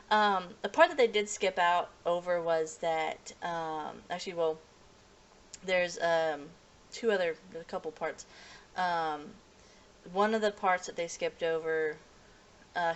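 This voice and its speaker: A woman with a slightly low voice talks through an anime episode off the cuff. She rambles, corrects herself mid-sentence, leans on fillers and keeps breaking into small chuckles. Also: slight background noise. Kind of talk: casual unscripted review.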